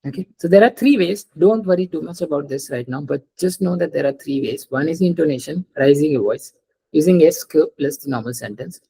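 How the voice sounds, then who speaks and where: Mellow, husky teacher. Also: medium pitch, lively intonation, fairly quick, rough recording. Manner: patient, repeats examples and checks understanding. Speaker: French teacher. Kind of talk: live online language lesson.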